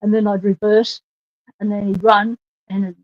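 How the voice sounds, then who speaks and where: A woman's voice: medium pitch, level tone, moderate pace, narrow, tinny audio. A woman, chatting on a video call and telling a story from her own life. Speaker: guest. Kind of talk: casual chat.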